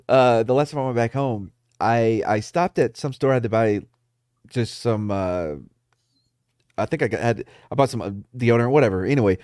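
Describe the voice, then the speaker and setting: A man chatting casually on a podcast, mid-pitched and loose. He tells stories with plenty of profanity and animated energy. His voice is recorded dry and close, with no room sound. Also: no room sound. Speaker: podcast co-host. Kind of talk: casual chat. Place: San Antonio.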